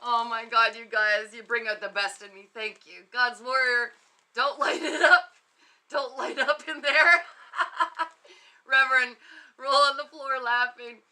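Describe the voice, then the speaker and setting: A woman with a high, bright voice chats unhurriedly on her livestream, reading viewer comments aloud and breaking into giggles again and again. Her delivery is loose, playful and unscripted. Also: steady tone, a little slow. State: muffled inside an inflatable costume at times. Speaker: psychic livestream host. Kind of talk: casual livestream chat.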